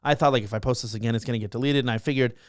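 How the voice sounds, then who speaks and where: A young man, a social media creator guesting on a casual interview, rattles through his stories fast and excitably, piling up fillers and restarts. His pitch is ordinary. The sound is dry and close, with no room sound.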